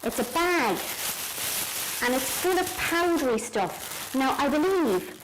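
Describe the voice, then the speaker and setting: A woman's voice: high-pitched, expressive, slow, background noise. A middle-aged Irish woman chatting to the camera as she moves around her home indoors. She rambles in a jokey, self-mocking way. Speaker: author showing her home. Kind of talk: casual chatty video diary. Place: own home, indoors, moving between rooms.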